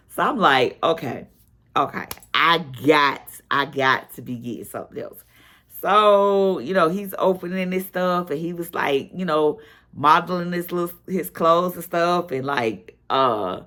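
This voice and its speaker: In a relaxed vlog, a middle-aged woman recounts a personal story in a low voice at a slow, drawn-out pace. She's an animated storyteller who acts out what people said, raising her voice for the quotes.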